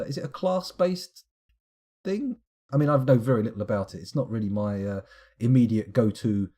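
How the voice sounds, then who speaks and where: A man's voice: fairly low pitch, warm tone. A man streaming a strategy game live, muttering to himself as he clicks through menus and now and then answering his chat. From United Kingdom. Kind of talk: live gameplay commentary.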